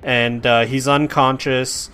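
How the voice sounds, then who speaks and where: A man's voice: mid-range voice, level tone, slow, bright, forceful tone, clear, resonant tone. A man narrating as game master in a casual, chatty way.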